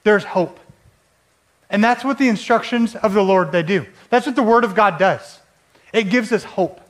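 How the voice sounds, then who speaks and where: A man's voice: sits high, moderate pace. A man preaching a sermon in a conversational way, often asking the listeners rhetorical questions. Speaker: pastor.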